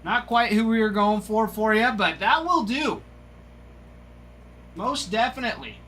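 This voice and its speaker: A man hosting a live trading card break, giving excited, gushing commentary as he reveals each card. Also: high voice, a little slow.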